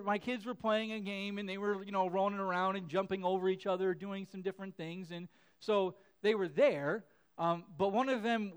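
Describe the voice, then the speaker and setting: A man in his thirties preaching a sermon as a pastor, chatty with many fillers and restarts, acting out the voices in his stories. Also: sits high. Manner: acts out his kids' and his own voices in quotes.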